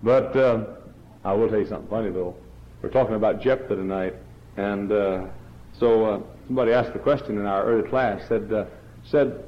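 A middle-aged man preaching a revival sermon, hammering one question over and over and climbing to loud peaks. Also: on the low side, moderate pace. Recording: dull lo-fi church recording.

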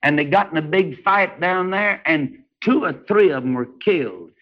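A man preaching a revival sermon, swinging between hushed storytelling and high, shouted exclamations. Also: expressive, normal speed. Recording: dull lo-fi old sermon recording.

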